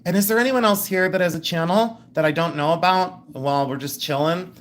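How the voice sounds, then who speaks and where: A man's voice: sits high, fairly quick. A man hosting a live jewelry sale, chatting, teasing and laughing as he shows rings. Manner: animated, giggly, teasing. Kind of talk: live-stream sales chat.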